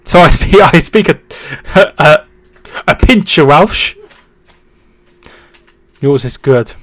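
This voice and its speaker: A man's voice: fairly high pitch, takes it slowly, no room sound. A young man hosting a casual football live stream, reading chat messages, thanking viewers and calling out match updates. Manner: reads chat aloud, thanks viewers, trails off and restarts; excited shouting at goals.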